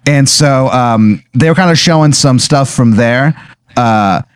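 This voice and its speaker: A man's voice: mid-range voice, measured pace, smooth, dry recording. A man running an improvised comedy role-play as game master, rambling along with lots of filler words.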